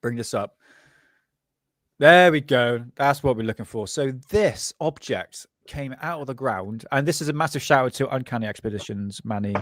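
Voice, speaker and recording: A man's voice: mid-range voice, normal speed, hardly any pauses, no echo. A man from Bristol with a Bristolian accent, hosting a casual podcast chat, rambling and laughing often. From Bristol, England. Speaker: podcast host.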